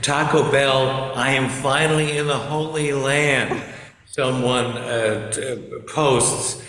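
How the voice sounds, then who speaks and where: A man's voice: mid-range voice, steady tone, slow pace, a bit bright. A man is a guest on a radio show over a video call, wry and articulate. His voice comes through with heavy echo and a long reverb tail from the room. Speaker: guest expert. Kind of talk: radio interview.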